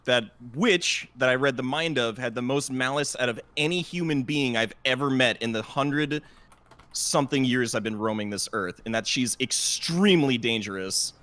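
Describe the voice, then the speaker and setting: A man's voice: medium pitch, normal speed, a bit bright. A man playing a tabletop game in character, earnest and apologetic. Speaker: player. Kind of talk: in-character tabletop role-play.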